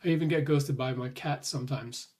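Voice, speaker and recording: A male vlogger thinks aloud in a casual monologue, rambling in loose restarts, swearing a bit and sounding a little short of breath. His voice is medium-pitched, steady, brisk and darkish.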